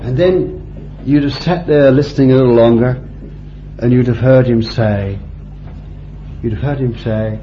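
A man preaching a sermon with deliberate phrasing, climbing to fervent high peaks and then dropping low and quiet. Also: slight background noise. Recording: dull lo-fi sound in a roomy hall.

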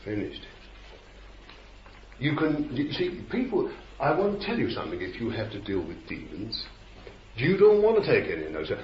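A male preacher giving a rambling sermon, repeating words and rising to sudden shouts. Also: fairly high pitch, wildly swooping pitch, a little fast. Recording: roomy, dull, slightly noisy old recording.

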